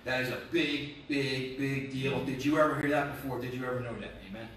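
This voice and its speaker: Impassioned preacher in an echoey hall. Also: male voice, mid-range voice, fairly even intonation, brisk, fairly bright tone, a little hiss or hum. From North Jersey, USA. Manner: impassioned, hammering rhetorical questions and repeated phrases. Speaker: pastor. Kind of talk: sermon. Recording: very echoey room, mic at a distance.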